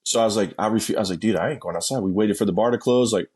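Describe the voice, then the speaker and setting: A man telling a story as a guest in a casual interview, acting out quotes with sudden jumps in pitch, swearing freely and laughing as he goes. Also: very fast, darkish tone, breathy edge.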